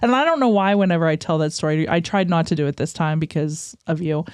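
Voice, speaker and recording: A woman's voice: low-pitched, fast talker, a little mellow, no room sound, clean studio sound. A woman from western Pennsylvania, a guest on a talk show, chatting and telling stories. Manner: chatty, tells stories with quoted voices. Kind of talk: casual storytelling chat.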